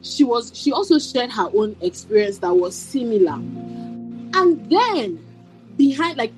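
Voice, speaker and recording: A woman's voice: on the high side, big pitch swings, a little slow, a little mellow, faint music behind, poor audio. A woman in a book club discussion, speaking hesitantly with many fillers and apologies. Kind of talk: casual discussion.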